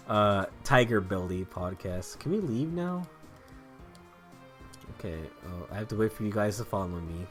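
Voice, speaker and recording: A man's voice: medium pitch, fairly bright tone. A man giving casual commentary while playing a video game, rambling, joking, swearing and laughing often. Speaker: let's play host.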